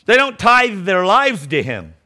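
A middle-aged man preaching a sermon, emphatic, swinging between loud declarations and low mocking asides, often repeating words as he restarts. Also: big pitch swings, a little slow.

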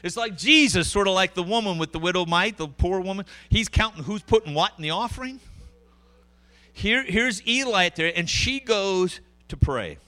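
A middle-aged man preaching a sermon, conversational and animated, with frequent asides to the congregation. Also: high voice, moderate pace. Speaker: pastor.

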